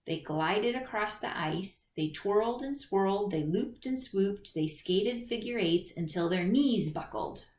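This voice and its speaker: A woman reading a children's picture book aloud in an expressive storytelling manner, in a roomy recording. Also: medium pitch, unhurried, hardly any pauses. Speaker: storybook reader. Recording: roomy echo.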